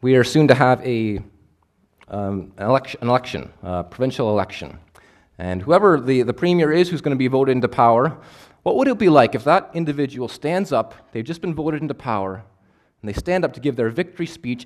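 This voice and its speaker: A man preaching a sermon, swinging between emphatic, louder passages and hushed, quiet ones. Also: medium pitch, expressive, a little fast. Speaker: pastor.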